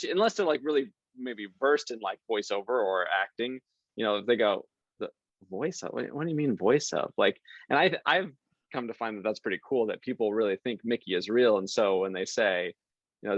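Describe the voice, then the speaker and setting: A man's voice: mid-range voice, no echo, lo-fi sound. A man guesting on a podcast, chatting casually and acting out the people in his stories. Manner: lively storyteller, acts out quoted people. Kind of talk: casual interview chat.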